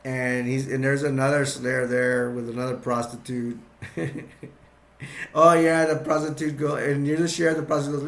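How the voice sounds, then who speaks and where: A man's voice: mid-range voice, flat delivery, moderate pace, fairly bright tone. Rambling man recapping a film in an echoey room. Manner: rambling, with restarts and frequent chuckles. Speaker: film reviewer. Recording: roomy echo.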